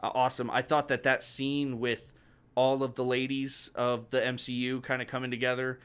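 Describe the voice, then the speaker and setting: A man co-hosting a podcast, chatting candidly about a movie in a relaxed way and swearing casually. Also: medium pitch, normal speed, clear, resonant tone. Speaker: podcast co-host. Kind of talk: casual movie review chat.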